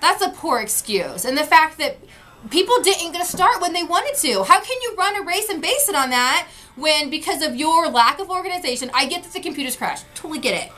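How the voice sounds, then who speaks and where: A woman's voice: sits high, expressive, a little fast, pushed and bright. A woman vlogger recapping an event in casual talk, frustrated and retelling what people said. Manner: frustrated, retelling with quoted voices.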